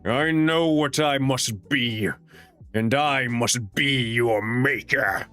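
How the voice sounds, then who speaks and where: A man voicing a grim, imposing male warrior figure who speaks slowly and deliberately. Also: mid-range voice, pushed and bright, faint music behind. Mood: grave. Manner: slow and deliberate.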